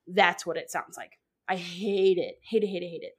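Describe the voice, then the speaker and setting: A woman co-hosting a podcast in casual chat, rambling and excitable, filling her talk with "like.". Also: lowish voice, a little fast, husky. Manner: rambling, fills with "like"; excitable, laughs often. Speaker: podcast co-host.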